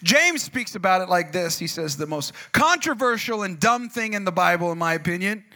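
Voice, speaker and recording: A man with a high, piercing, very bright voice preaches a sermon. He tells a comic story with big swings in pitch and volume, acts out the people in it, and calls out to the congregation. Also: moderate pace. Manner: animated storytelling, acting out voices, shouting asides to the congregation.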